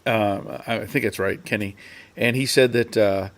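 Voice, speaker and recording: A man's voice: fairly low pitch, steady tone, measured pace. A man hosting a casual live stream, rambling along with fillers and restarts and reading out viewers' chat comments.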